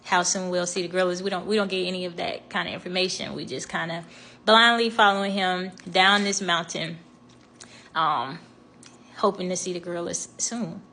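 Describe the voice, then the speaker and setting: A woman's voice: on the low side, steady tone, moderate pace, bright, forceful tone. A young woman telling a travel story in a casual storytime vlog, chatty and laughing, with many fillers and restarts.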